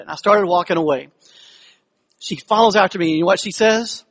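A man's voice: high voice, normal speed, fairly bright tone. A man preaching a sermon as pastor, talking conversationally and with humor, putting questions to the congregation. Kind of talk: sermon with personal storytelling.

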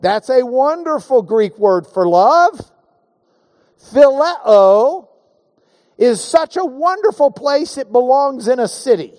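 A male preacher delivering a sermon in a high, lively voice that climbs and dips with emphasis. He speaks slowly and deliberately, drawing listeners in with questions and a bit of self-deprecating humor. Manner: emphatic, engages the audience with questions and call-and-response.

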